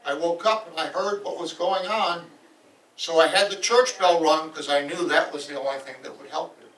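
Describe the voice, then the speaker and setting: A stern Norse king questions his warriors, as a man puts him on. The voice sits fairly high and carries from afar. The hall adds a long echo. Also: moderate pace, fairly bright tone, natural voice. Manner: stern, judging. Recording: roomy hall, voice from far off.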